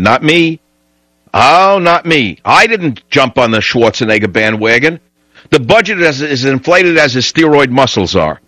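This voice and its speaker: A man's voice: medium pitch, a bit bright, no room sound, rough recording. A middle-aged man hosting a talk radio show, ranting in a combative, sarcastic way.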